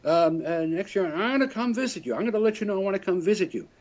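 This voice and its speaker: A woman's voice: medium pitch, expressive, fast, darkish tone, dull audio, voice pushed up, lightly acted. A man voicing an eager, talkative Southern woman with a Texas accent. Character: excited talkative Southern woman, fiddle player.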